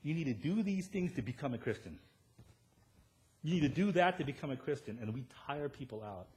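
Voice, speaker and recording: A male pastor preaching a sermon in a church, telling self-deprecating stories and often checking in with "right?" before rising to loud emphatic points. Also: on the high side, fairly quick. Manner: animated storytelling, rising to loud emphatic peaks, tag questions "right?".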